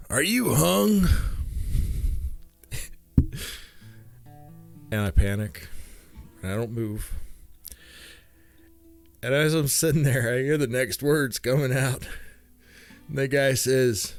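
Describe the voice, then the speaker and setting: A man telling a funny family story in a casual, animated way, jumping in pitch as he acts out what people said. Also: clear, resonant tone. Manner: animated, acts out quotes with big pitch jumps. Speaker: storyteller comedian. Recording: faint guitar music behind.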